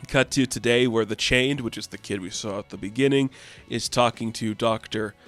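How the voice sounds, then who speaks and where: A man's voice: mid-range voice, moderate pace, fairly bright tone, soft background music. A man in a casual, chatty comic book recap who loosely paraphrases the characters' lines.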